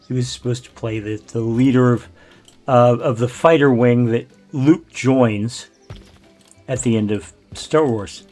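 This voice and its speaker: Older male gaming host, unhurried, rambling trivia, faint music underneath. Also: medium pitch, dark tone. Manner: rambling, self-deprecating trivia talk. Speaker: let's play host. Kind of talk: casual gameplay commentary.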